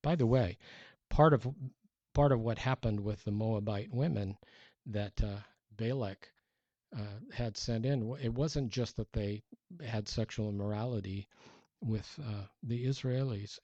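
A man preaching a sermon as a pastor, conversational and animated, acting out the people he quotes. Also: mid-range voice, no room sound, dull audio.

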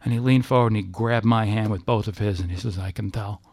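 A man with a low, gravelly voice tells a personal story in the manner of a testimony. His delivery is halting and emotional, full of restarts as he works through what happened. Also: steady tone, a little mellow, dry recording.

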